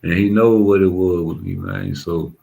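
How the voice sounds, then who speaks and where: A man's voice: sits low, moderate pace, vocal fry, dark tone, poor audio. A young adult man, ranting bluntly and profanely in street slang as a commentator. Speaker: YouTube commentator. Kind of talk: casual ranting monologue.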